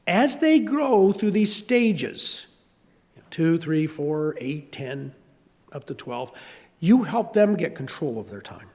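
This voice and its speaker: A man's voice: a little high, slow, big-room sound. An older man with a Southern US accent preaching a sermon, telling stories and acting out voices. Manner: animated storytelling, acting out voices. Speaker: pastor.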